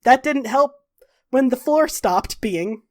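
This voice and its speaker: A woman's voice: sits high, lively intonation. Woman running a tabletop game. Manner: laughs while narrating, drawn-out dramatic pacing. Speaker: game master. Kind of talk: narrating a tabletop game with casual swearing.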